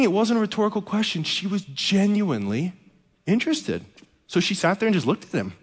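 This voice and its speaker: A man's voice: on the high side, expressive, fast, a bit bright. A man preaching a sermon as a pastor, telling a story with humor. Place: church sanctuary. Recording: echoey hall reverb.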